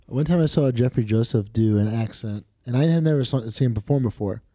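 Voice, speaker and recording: A man's voice: medium pitch, brisk, warm tone, no room sound, studio quality. A man in a casual podcast chat, telling anecdotes in a laid-back way.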